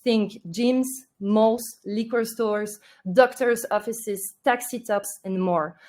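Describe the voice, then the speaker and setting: A woman presenting a marketing webinar, delivering points in a steady, list-like way. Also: a little high, takes it slowly. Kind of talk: presenting a webinar, partly read.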